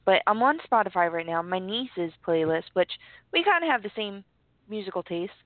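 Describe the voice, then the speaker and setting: A woman co-hosting a casual chat about music, relaxed and chatty, laughing easily. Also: medium pitch, moderate pace, dry recording. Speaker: podcast co-host. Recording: dry, tinny phone-line sound.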